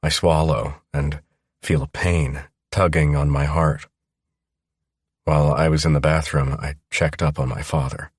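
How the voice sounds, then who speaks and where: A man narrating a first-person audiobook in a steady, measured way. His voice sits very low and sounds husky. The recording is dry and close. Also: no room sound.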